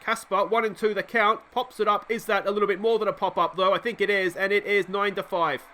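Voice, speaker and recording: A young Australian man calls a baseball sim game play by play, chatty and easily excited, talking to the viewer as he goes. His voice sits high and sounds bright and forceful. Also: brisk, a little hiss or hum. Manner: excitable, chatty, often addresses the viewer and himself. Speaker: video game let's play host.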